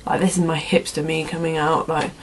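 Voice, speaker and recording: A woman's voice: low-pitched, flat delivery, a little fast, slight background noise. Rambling, giggly young woman. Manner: rambling and giggly, self-deprecating, with many fillers. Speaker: vlogger answering viewer questions. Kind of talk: casual chat.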